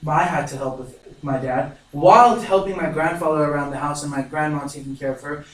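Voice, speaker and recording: With a fairly high, brisk voice, a young man speaks as a student, sharing a personal story in an earnest and emotional narrative speech. The mic sits far away in an echoey room, picking up faint noise.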